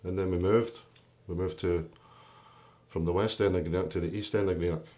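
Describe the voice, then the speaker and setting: Deep-voiced man telling his story. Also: fairly even intonation, fairly quick, a little mellow. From Britain. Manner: candid, plain-spoken, with restarts. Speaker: documentary interviewee. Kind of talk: personal storytelling.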